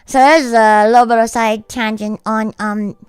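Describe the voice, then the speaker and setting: Woman streamer, higher voice, dry close sound, swears freely while ranting, faint music underneath. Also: steady tone, moderate pace, smooth, no room sound. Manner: blunt, profane, ranting storyteller. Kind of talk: casual livestream chat.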